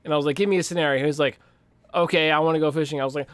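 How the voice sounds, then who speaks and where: A young man with a Western Pennsylvania accent, co-hosting a casual podcast chat and telling profane, animated stories full of acted-out quotes. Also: fairly high pitch, rapid-fire, clear, resonant tone, no room sound. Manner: profane, animated storytelling, acts out quoted voices. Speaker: podcast co-host.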